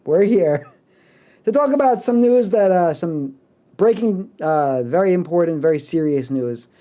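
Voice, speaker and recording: A man's voice: a little high, animated, a little slow, warm tone. A man hosting a podcast in casual banter, cursing freely and laughing through mock-serious bits. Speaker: podcast host.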